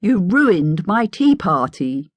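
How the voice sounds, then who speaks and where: A woman's voice: fairly low pitch, very animated, slow pace, no echo, voice pushed up, heavily acted. A woman voicing a mad, sing-songy male hatter with an unhinged, wheedling manner in an audiobook. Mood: petulant. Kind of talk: audiobook character voice.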